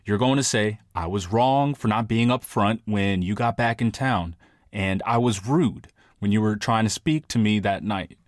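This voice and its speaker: A man's voice: fairly low pitch, normal speed, no echo, clean studio sound, natural voice. A man playing a pleading boyfriend who wants his girlfriend back, wheedling and apologetic.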